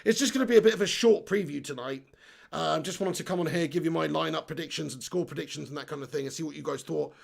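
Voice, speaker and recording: A man hosts a live stream, reading out viewer comments and ranting with animated energy and frequent laughter. His voice is strongly gravelly and sits fairly high for a man. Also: fast talker. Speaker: host of a football fan channel.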